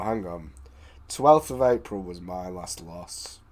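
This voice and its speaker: A man's voice: deep voice, very animated, a little slow, vocal fry, a little mellow. A man hosting a casual live stream, teasing his friend and laughing often, swearing freely. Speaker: streamer host. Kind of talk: casual late-night stream chat.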